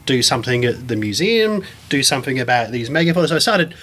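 A man who grew up abroad after being born in England, telling stories with animated enthusiasm and many restarts as an interview guest. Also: mid-range voice, quick pace. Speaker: guest, science communicator and performer. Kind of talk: casual storytelling interview.

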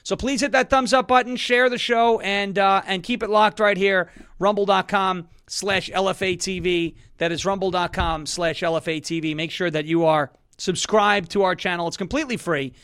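A male talk-show host with a high, bright voice, loud and joking as he reads an ad and mocks his targets. The delivery is casual and brash. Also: steady tone, moderate pace, few pauses, clear, resonant tone.

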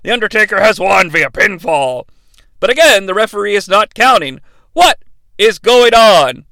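A man's voice: sits high, animated, moderate pace, gravelly, sharp tone, dry recording. A man hosting a podcast, giving a comedic play-by-play recap with sarcastic, profane asides. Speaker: podcast host recapping a wrestling event.

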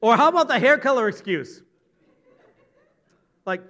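A man's voice: very high voice, very animated, a little slow, long pauses, bright, forceful tone. A male preacher giving a sermon in a playful, conversational way, often asking the congregation questions. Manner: playful, conversational, asks the audience.

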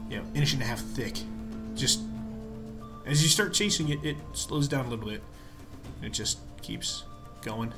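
A man narrating as game master of a tabletop game, rambling and halting with many fillers. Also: medium pitch.

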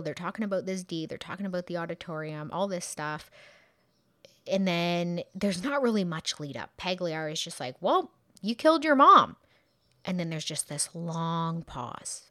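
A woman's voice: on the low side, fairly bright tone, no room sound, clean studio sound. A woman hosting a true crime podcast, recounting a case in a casual, conversational way with frequent asides and fillers.

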